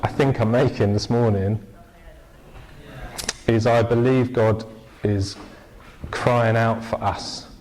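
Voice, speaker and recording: A man preaching a sermon in a relaxed, conversational way, telling stories with lively bursts and restarts. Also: mid-range voice, slow, long pauses, rough recording. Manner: conversational, animated storytelling with restarts. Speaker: pastor.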